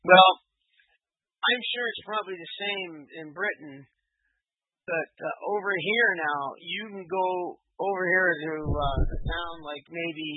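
A man's voice: on the high side, no echo. A man in casual conversation on a phone call, rambling with hesitant restarts and frequent laughs. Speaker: caller. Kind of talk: casual chat. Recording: tinny phone line.

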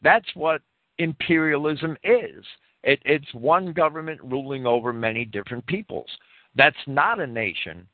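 A man's voice: on the high side, lively intonation, measured pace, no echo. A man hosting a live talk-radio show from a private home, earnestly reading definitions aloud and expounding on them. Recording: tinny phone-line audio.

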